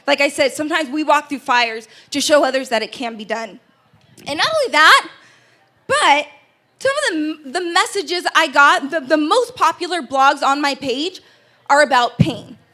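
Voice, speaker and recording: Woman, high voice, heartfelt personal speech, earnest, stumbling restarts, event stage. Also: animated, normal speed, bright, forceful tone. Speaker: keynote speaker. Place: event stage before an audience.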